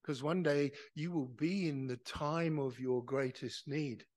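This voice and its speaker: A man preaching a sermon in church. He is impassioned, asks rhetorical questions and builds to loud, emphatic peaks. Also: a little high, a little slow. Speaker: pastor.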